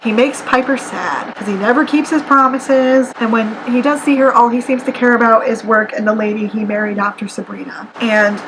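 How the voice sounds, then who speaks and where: A woman's voice: a little high, fairly even intonation, normal speed, few pauses. A woman giving a chatty, sarcastic book review at home, with an air conditioner humming in the background. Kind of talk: casual ranting book review. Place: apartment room. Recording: noisy home recording with AC hum. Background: air conditioner hum.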